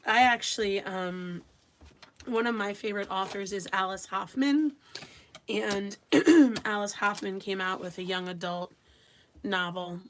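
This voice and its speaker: A woman's voice: medium pitch, a little slow, a little hiss or hum. Chatty woman hosting a craft livestream. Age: adult with young children. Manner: chatty, reads viewer comments aloud, talks to viewers directly. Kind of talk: casual chat while crafting live.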